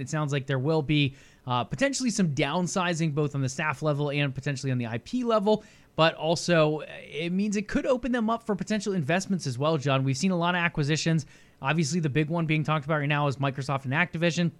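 Young male podcast co-host, slightly higher voice, casual and speculative. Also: quick pace. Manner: chatty, speculative, thinks aloud. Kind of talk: casual gaming chat.

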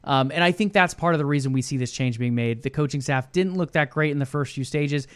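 A man co-hosts an esports news segment and works through each point in a measured, explaining manner. His voice sits a bit high for a man. The recording is dry and close. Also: smooth, dry recording. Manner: measured, explanatory, asks rhetorical questions. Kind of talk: casual esports news discussion.

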